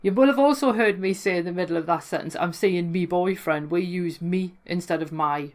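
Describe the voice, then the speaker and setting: A woman's voice: lowish voice, a little fast. A woman with a Geordie accent, explaining local dialect words in a chatty, amused way that often corrects itself. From North East England. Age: adult, worked in London before. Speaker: folklore blogger explaining dialect. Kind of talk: casual educational talk.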